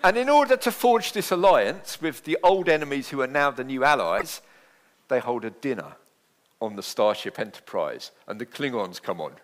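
Male pastor, sermon delivery, conversational with light jokes, very lively pitch. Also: moderate pace. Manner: animated, conversational preaching with asides and jokes.

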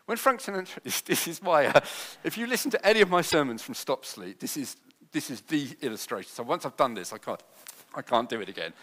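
A man preaching a sermon, his delivery moving between quiet tender passages and loud rousing ones. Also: medium pitch.

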